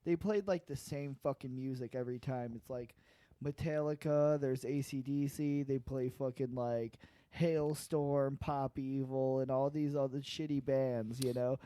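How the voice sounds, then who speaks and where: Joking profane podcast host, dry sound. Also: male voice, medium pitch, steady tone, a little slow, warm tone, clear, resonant tone, no room sound. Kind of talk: crude casual banter.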